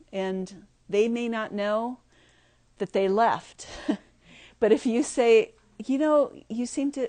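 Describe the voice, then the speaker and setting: A woman leading a group workshop, talking haltingly with many fillers and frequent laughs. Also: mid-range voice, a little mellow, clean tone, no room sound. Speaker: workshop leader. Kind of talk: group discussion, teaching.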